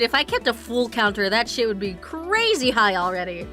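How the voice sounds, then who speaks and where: A woman's voice: a little high, sing-song, normal speed, few pauses, bright, forceful tone, soft background music. A woman from New Jersey streaming a game, with crude, joking asides. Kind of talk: casual game commentary.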